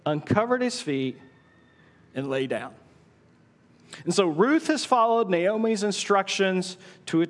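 A middle-aged male pastor preaching a sermon in a church auditorium, telling the story with dramatic pauses and hushed asides. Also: high-pitched. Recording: long hall reverb.

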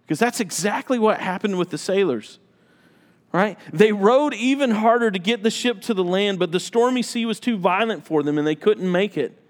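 A man's voice: high voice, moderate pace, big-room sound. A man preaching a sermon as a pastor, emphatic and repeating phrases for effect.

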